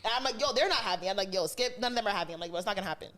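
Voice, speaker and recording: A woman's voice: medium pitch, rapid-fire, a little hiss or hum. A woman co-hosting a podcast, telling a story in casual chat and acting out the dialogue. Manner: animated storytelling with quoted dialogue. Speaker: podcast co-host.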